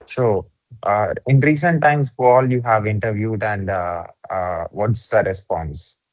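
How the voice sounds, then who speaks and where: A man's voice: lowish voice, unhurried, dry recording, low-quality recording. A man hosting a podcast who asks questions hesitantly, with many fillers. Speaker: podcast host. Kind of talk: interview questions.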